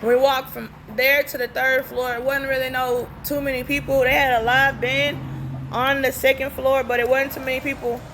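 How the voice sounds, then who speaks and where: A woman's voice: high-pitched, normal speed, slight background noise. A young woman telling a story casually, blunt and profane, acting out the dialogue as she goes. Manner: blunt, profane, animated retelling with quoted dialogue. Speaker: storytime vlogger.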